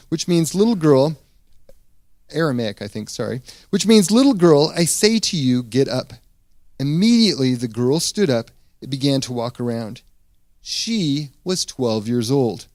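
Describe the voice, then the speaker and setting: Man, pastor, casual sermon, higher voice, dry close sound, lively storytelling. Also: dry recording. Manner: conversational, animated storytelling with restarts.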